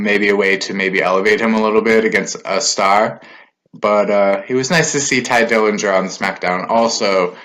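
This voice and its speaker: A man's voice: lowish voice, bright, forceful tone. A man giving a casual spoken recap of a wrestling show, loose and conversational with filler words and asides.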